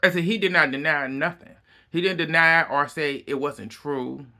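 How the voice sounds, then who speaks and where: Bright-voiced man, blunt profane recap. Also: fairly high pitch, moderate pace. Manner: blunt, profane, exasperated storytelling. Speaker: reality TV recap vlogger. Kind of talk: casual recap commentary.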